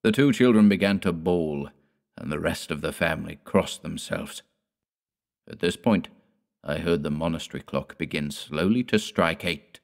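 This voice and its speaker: Man, very deep voice, measured horror narration, deliberate pacing. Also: creaky. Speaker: audiobook narrator. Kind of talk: scripted narration of a gothic horror tale.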